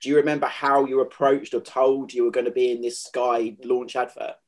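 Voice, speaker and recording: A man's voice: medium pitch, little pitch movement, brisk. Host guy, friendly, rambles a bit with his questions. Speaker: interviewer, host. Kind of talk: conversational interview.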